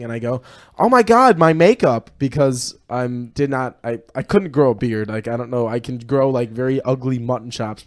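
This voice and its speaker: An eighteen-year-old man co-hosts a casual podcast chat at an average pitch. He tells rambling stories, full of "like" and easy laughter. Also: dark tone. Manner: laughing, rambling storyteller with many fillers. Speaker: podcast co-host.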